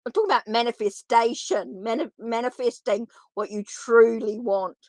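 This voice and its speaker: A somewhat high-voiced woman reads tarot cards live, chatting informally and speaking straight to her viewers. The sound is dry and close. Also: normal speed, a little mellow, no room sound. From New Zealand. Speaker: tarot reader. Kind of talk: live tarot reading chat.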